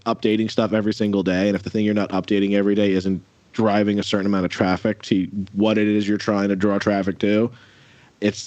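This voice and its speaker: A man talks casually in an interview, rambling and circling back with lots of fillers. His voice sits on the low side and sounds dry and dull, like lo-fi audio from a video call. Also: darkish tone, dry recording. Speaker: musician guest.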